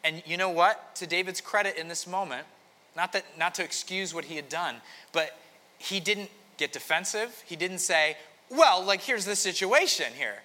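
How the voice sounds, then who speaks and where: Male pastor, conversational sermon, slightly high bright voice, reverberant hall. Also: fairly even intonation, normal speed. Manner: conversational storytelling, frequent restarts.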